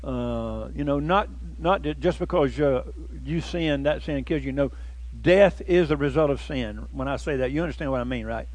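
A man preaching a sermon as pastor, folksy and conversational, breaking into loud emphatic bursts. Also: medium pitch, moderate pace, dry recording.

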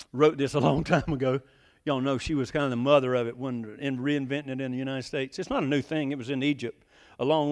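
The sermon echoes with the long reverb of a large hall as a man addresses his congregation with energy. When quoting others, his voice springs up in pitch.

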